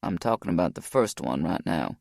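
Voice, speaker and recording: A man voicing a grieving former Navy SEAL, deep and gravelly, telling his past in a low, weary way. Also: very animated, fairly quick, a little mellow, no room sound, studio quality, heavily acted. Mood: guarded, weary.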